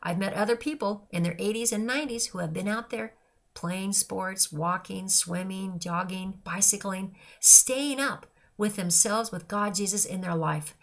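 A woman's voice: medium pitch, vocal fry. An older woman, a grandmother, giving an earnest personal devotional talk in a repetitive, list-like way of speaking. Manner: earnest and repetitive, listing phrases. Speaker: christian speaker.

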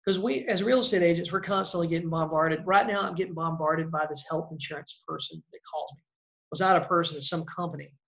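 A man's voice: fairly high pitch, fairly quick, creaky, a bit bright, highs cut off. A man coaching real estate agents in a blunt, casual way, now and then acting out sample phone calls. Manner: blunt, conversational, acts out example calls.

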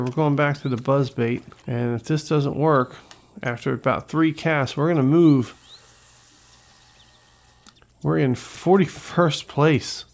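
On a low-quality recording, a man with a creaky, mid-range voice hosts his gaming channel. He talks to viewers in a casual, excitable way as he plays, cursing whenever things go badly.

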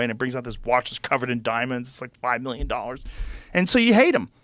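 A man hosting a podcast in casual chat, emphatic and swearing freely, loudly acting out the lines of the people he talks about. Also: mid-range voice, expressive, moderate pace, no room sound. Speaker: podcast host.

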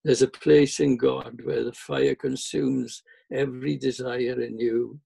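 Slow, gravelly older pastor preaching. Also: male voice, medium pitch, little pitch movement, mellow, rough recording. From Wales. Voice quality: gravelly, husky. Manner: slow, earnest preaching with quoted voices. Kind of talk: sermon.

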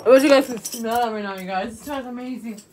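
A woman's voice: on the high side, fast, a little mellow, distant mic, slight background noise. A young woman vlogging casually from her bedroom, rambling and repeating "you guys" over and over. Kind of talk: casual chat to camera.

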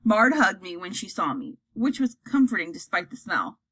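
A woman reading a children's fantasy story aloud, acting out the characters in a lively way. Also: mid-range voice, moderate pace, breathy edge, low-quality recording. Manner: acts out characters, lively delivery. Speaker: audiobook reader.

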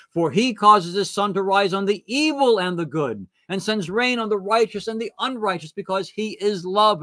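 A man's voice: fairly high pitch, a bit bright, dry recording, clean studio sound. A man giving a retreat talk, telling a story with acted-out dialogue and reading scripture. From United States. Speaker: retreat speaker.

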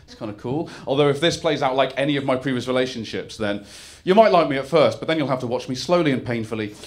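A man, performing a live stand-up set and swinging from mumbled asides to loud bursts. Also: mid-range voice, fast. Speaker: stand-up comedian. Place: live comedy venue with audience. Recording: clear crowd noise and laughter in a theatre.

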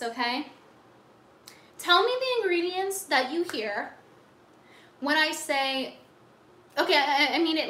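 A young woman with a high voice rants to her livestream chat, exasperated and sarcastic. She swears freely and piles on the complaints. Her voice bounces around a roomy, echoey space. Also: fairly bright tone, a little hiss or hum. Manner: exasperated, profane, sarcastic ranting.

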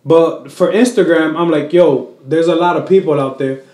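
A male comedian born in the Dominican Republic, his voice on the high side, talks at a normal speed in an echoey space. As an interview guest he keeps things casual, alternating English and Spanish and animatedly putting on voices as he recounts stories.

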